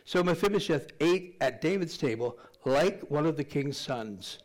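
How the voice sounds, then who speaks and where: A man's voice: a little high, lively intonation, normal speed. Older male pastor preaching conversationally. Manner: conversational preaching, jokes with the congregation. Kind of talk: sermon.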